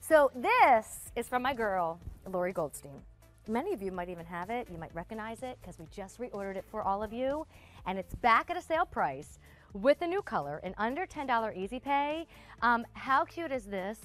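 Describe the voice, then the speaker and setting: A woman's voice: on the high side, very animated, normal speed, soft background music. A woman in her thirties hosting a live TV shopping show, chatty and gushing as she talks straight to viewers. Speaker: shopping channel host. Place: TV studio.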